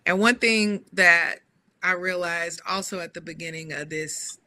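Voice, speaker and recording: A woman who works as a social wellness educator, speaking deliberately in a casual livestream chat with affirming interjections. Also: fairly low pitch, bright, forceful tone.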